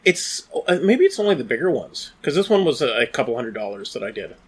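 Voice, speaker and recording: A man in his forties from Canada, co-hosting a podcast in casual, halting chat. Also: mid-range voice, sing-song, breathy edge. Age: 40s. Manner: halting, full of restarts. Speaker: podcast co-host.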